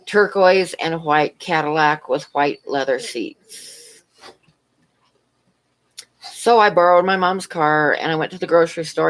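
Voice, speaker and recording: Rambling woman on a livestream. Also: low-pitched. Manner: rambling storytelling, answers chat between stories. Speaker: livestream host. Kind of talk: casual livestream chat.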